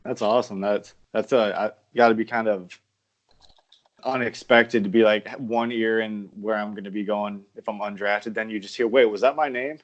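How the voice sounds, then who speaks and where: A man's voice: lowish voice, little pitch movement. A man co-hosting a casual podcast, reacting and asking follow-up questions. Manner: interviewing, quick reactions with laughs. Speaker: podcast co-host. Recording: dull lo-fi audio.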